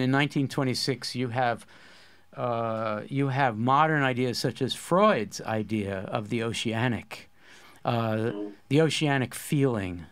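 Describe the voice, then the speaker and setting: A man's voice: mid-range voice, clean tone. A man hosting a poetry course discussion, explaining ideas with eager enthusiasm in a casual academic way.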